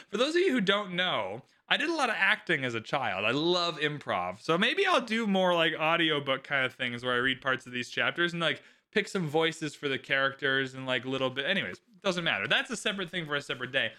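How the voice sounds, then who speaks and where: A man's voice: fairly high pitch, pushed and bright. A man hosting his own podcast, chatting casually and animatedly and swearing freely. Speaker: podcast host. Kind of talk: casual solo podcast talk.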